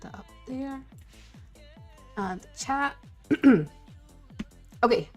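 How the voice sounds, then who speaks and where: A woman's voice: high-pitched, lively intonation, drawn-out words, darkish tone, soft background music. A Scottish woman chatting casually with viewers on a live game stream, rambling and giggling as she greets people.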